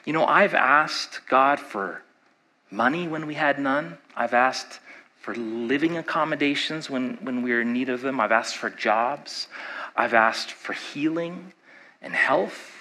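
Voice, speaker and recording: A man's voice: mid-range voice, unhurried, pushed and bright, rough recording. A male pastor preaching a sermon in a conversational way, asking his listeners rhetorical questions.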